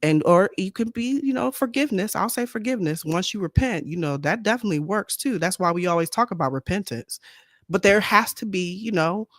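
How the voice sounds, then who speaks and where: A woman's voice: medium pitch, expressive, a little fast, no echo, studio quality. A woman co-hosting a casual faith talk show, speaking bluntly and repeating her points. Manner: blunt, outspoken, repeats herself. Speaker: co-host. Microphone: streaming microphone.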